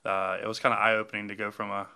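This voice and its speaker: A man's voice: on the low side, quick pace, gravelly, clean tone. A man with a Southern accent, chatting casually and telling stories with energy. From Birmingham, Alabama. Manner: animated storyteller. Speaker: bartender, bar owner. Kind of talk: casual chat.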